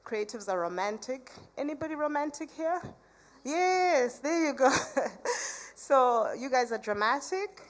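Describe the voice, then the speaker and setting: A woman's voice: high-pitched, animated, unhurried. Chatty woman speaker. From South Africa. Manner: chatty, many "you know" asides, jokes with audience. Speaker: conference speaker. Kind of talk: conference talk with audience interaction.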